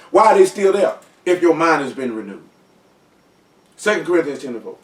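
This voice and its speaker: Slangy animated man teaching scripture. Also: fairly high pitch, fast talker. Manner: slangy, animated, joking asides. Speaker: teacher leading a Bible study. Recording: echoey room, distant mic.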